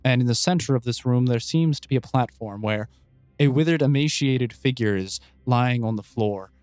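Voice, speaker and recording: A man running a tabletop game as game master, describing scenes in calm, descriptive narration. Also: mid-range voice, normal speed, no echo, faint music behind.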